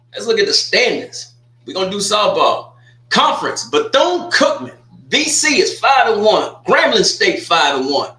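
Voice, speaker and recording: A man hosts a casual sports talk livestream, joking and trash-talking between restarts and asides. His voice sits high and sounds bright. The room around him is noticeably echoey.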